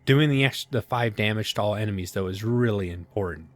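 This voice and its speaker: A man with a somewhat low voice narrates his own gameplay at home, thinking out loud as he goes. His talk is loose and self-deprecating, with relaxed asides. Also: a little fast. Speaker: gaming channel host. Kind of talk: casual let's-play commentary. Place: home gaming setup.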